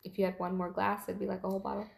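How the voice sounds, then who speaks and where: Twenties woman co-host, casual giggly chatter, average pitch, echoey room. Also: level tone, racing, gravelly. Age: 20s. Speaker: podcast co-host. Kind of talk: casual chat.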